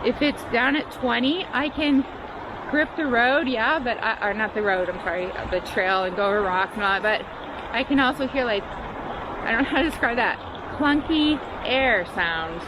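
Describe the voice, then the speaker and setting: A chatty woman with a somewhat high voice talks casually while riding outdoors. She laughs often and pokes fun at herself. The outdoor noise is clearly audible behind her. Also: normal speed. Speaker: vlogger reviewing her bike. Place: outdoors on trails and roads. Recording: noisy outdoor recording.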